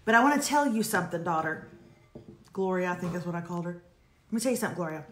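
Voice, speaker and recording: A woman co-hosting a casual live advice chat, talking in a sassy, emphatic, animated way. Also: fairly low pitch, quick pace, slight background noise. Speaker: co-host giving advice. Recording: echoey room.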